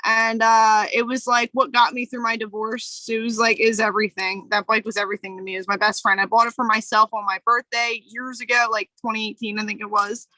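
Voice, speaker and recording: A woman with a bright, forceful voice, pitched a little high, talks casually on a podcast. Her storytelling is candid and emotional, full of fillers, and her sound is dry and close. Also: little pitch movement, fairly quick, few pauses, dry recording, poor audio. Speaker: podcast co-host. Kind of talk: casual chat.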